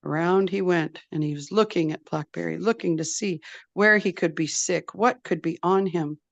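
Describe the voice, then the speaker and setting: A woman storyteller telling a traditional tale in a slow, deliberate, repetitive way. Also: lowish voice, creaky, no echo, highs cut off. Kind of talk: oral storytelling.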